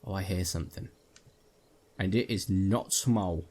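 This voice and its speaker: This man's voice is low and darkish, with a measured pace. Speaking into a headset mic, he's a gaming video creator offering jokey, jumpy play-by-play and chatting with viewers as he plays.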